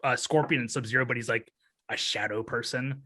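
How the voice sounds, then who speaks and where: A man co-hosting a casual film review podcast, animated and laughing often, his voice jumping high when excited. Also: fairly quick. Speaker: podcast co-host.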